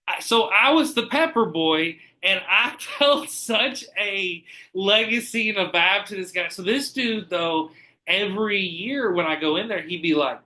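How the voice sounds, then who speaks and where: A man hosting a podcast, telling stories in an animated, profane, casual way. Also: sits high, normal speed. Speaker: podcast host. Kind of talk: casual chat.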